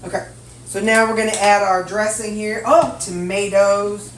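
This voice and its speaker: A woman's voice: medium pitch, steady tone, moderate pace, a little hiss or hum. A middle-aged woman from Missouri, chatting folksily to herself and her viewers as she measures and cooks in her home kitchen. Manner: folksy, talks to herself while measuring and cooking. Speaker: cooking vlogger. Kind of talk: casual cooking chat. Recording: roomy kitchen, mic at a distance. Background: clinking dishes and cutlery.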